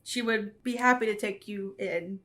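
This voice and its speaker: A woman voicing a stoic, gruff male dwarf king who speaks with measured courtesy. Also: mid-range voice, fairly bright tone, close to an everyday voice. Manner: courteous, measured royal speech.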